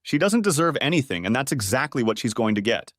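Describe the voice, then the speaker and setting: A man's voice: mid-range voice, very animated, quick pace, a bit bright, no room sound, studio quality. A man narrating a first-person story in a bitter, vengeful manner.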